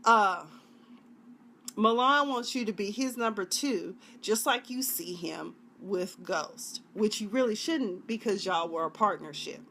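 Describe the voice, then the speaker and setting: A woman's voice: medium pitch, measured pace, fairly bright tone. A woman reviewing a TV drama in a chatty, dramatic way, now and then acting out the scenes in put-on voices. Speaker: TV show reviewer. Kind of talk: casual video review.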